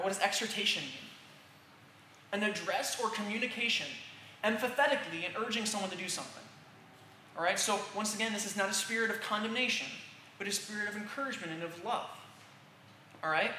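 A man's voice: high voice, sharp tone. A man preaching a sermon in an earnest way, often checking in with "all right?" and restarting his sentences. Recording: roomy echo with faint background hiss.

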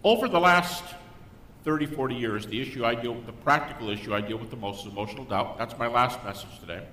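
An older man, a guest speaker, giving a Christian apologetics talk to a live audience and acting out the people in his stories. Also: fast talker. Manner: animated storyteller who acts out quoted people. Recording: echoey hall with faint rumble.

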